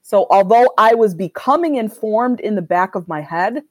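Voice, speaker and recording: A woman doctor answering interview questions in a candid, reflective and measured way. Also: mid-range voice, lively intonation, a little mellow, dry recording. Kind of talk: conversational interview.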